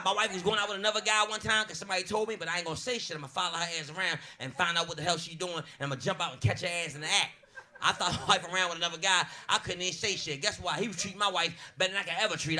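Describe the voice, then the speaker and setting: A man's voice: high-pitched, pushed and bright. A man in his forties performing a brash, profane stand-up comedy set, with an audience laughing along. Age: 40s. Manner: brash, profane, punchy storytelling.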